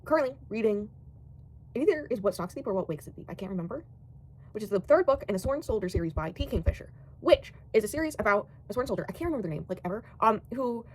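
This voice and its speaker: A woman's voice: medium pitch, expressive, quick pace, a little mellow, slightly rough. A young American woman chatting casually about books, rambling with lots of fillers and casual swearing. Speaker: book vlogger. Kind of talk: casual book chat.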